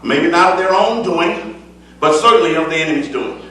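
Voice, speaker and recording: A man preaching a sermon in a church. He stresses his points by repeating phrases, and he moves between loud declaiming and soft asides. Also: a little high, lively intonation, moderate pace. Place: church sanctuary. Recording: echoey church from a distance.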